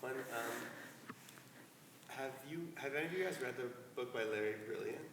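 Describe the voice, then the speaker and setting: A man in a class audience speaking hesitantly, heard from a distant mic. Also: medium pitch. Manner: hesitant, halting speech. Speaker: class participant. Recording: far-off mic in echoey hall with noise.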